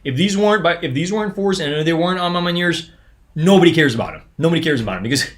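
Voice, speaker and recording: A man hosting a live sneaker unboxing stream, talking in a casual, excitable way and often stumbling and restarting his sentences. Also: a little high, fast. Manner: excitable, chatty, frequent restarts and stammers. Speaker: sneaker livestream host.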